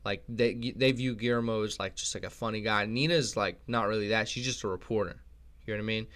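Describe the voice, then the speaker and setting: A man's voice: fairly low pitch, steady tone, brisk, fairly bright tone. A young man hosting a channel and rambling through casual commentary, with lots of swearing and restarts. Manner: rambling, profane, many restarts. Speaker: channel host.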